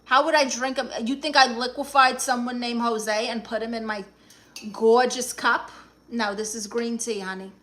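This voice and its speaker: A woman playing a brassy, sassy aunt from Brooklyn who poses as a therapist, with a New York accent, firing back quick comebacks as she reads viewer comments aloud on a phone live stream. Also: a little high, fairly even intonation, a bit bright, close to an everyday voice. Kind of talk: comedic improvised live stream.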